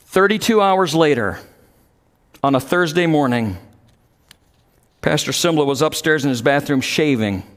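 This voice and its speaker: High-voiced man preaching a story sermon. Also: animated, measured pace, pauses often. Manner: emphatic storytelling, rises loud when quoting.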